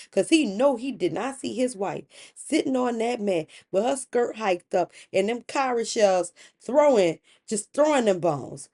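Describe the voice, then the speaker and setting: Mellow-voiced woman telling a myth. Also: mid-range voice. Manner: playful, slangy asides. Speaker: podcast host. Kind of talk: casual storytelling of myths.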